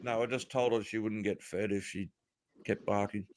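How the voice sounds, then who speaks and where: A man's voice: fairly low pitch, steady tone, normal speed, darkish tone. A man telling a crude, profanity-heavy story in casual chat, laughing along as he goes. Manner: crude, swears a lot, laughs while telling. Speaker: podcast host telling a story.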